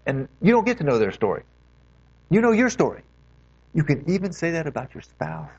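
A man preaching an earnest sermon, his voice rising and falling in lively swings as he urges his listeners on. He stretches out key phrases for emphasis. The recording sounds dull and lo-fi. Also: on the high side, a little fast, long pauses. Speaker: pastor.

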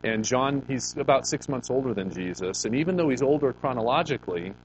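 Expressive preaching man, faint hum. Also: medium pitch, brisk, poor audio. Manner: expressive preaching, reads scripture aloud, rhetorical questions. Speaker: pastor. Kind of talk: sermon.

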